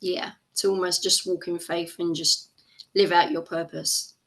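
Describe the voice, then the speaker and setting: A woman hosting a podcast interview, asking questions in a soft, reflective and affirming way. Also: fairly low pitch, little pitch movement, unhurried. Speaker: podcast host.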